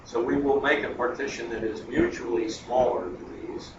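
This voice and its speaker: A man with a mid-range voice and a moderate pace gives a math lecture at a board in a classroom. He's chatty and digressive, thinking aloud as he goes. The recording is noisy and echoey, captured by a distant lo-fi mic.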